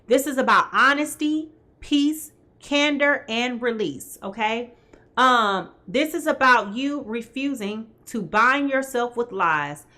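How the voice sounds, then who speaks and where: A woman's voice: fairly high pitch, lively intonation, slow, bright, forceful tone. A woman hosting a live tarot reading who talks straight to her viewers and keeps checking in with "okay?". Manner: talks straight to viewers, greets them by name. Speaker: tarot reader host.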